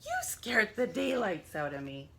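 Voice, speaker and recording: A woman voicing a tiny old woman in a storybook, shrill and scolding, the stern mother of a giant. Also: big pitch swings, a little slow, gravelly, background noise. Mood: startled.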